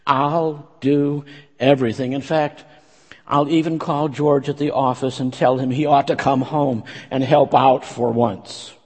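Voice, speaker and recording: Kindly older mother, as a man puts her on, soothing, reassuring, slow, echoing hall. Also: mid-range voice, fairly even intonation, slightly rough. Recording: long church-hall reverb.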